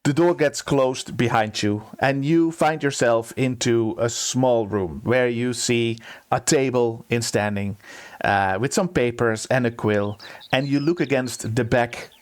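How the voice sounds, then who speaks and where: A man runs a tabletop game, describing scenes at a middling pitch. His narration is hesitant and full of fillers and restarts as he feels his way through the story. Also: a little slow. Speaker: game master.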